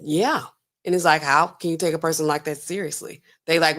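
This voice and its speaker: A woman pharmacist hosting a casual reaction commentary, talking in a sassy, colloquial, animated way. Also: brisk. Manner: animated, sassy, colloquial, swings pitch for emphasis. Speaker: pharmacist host.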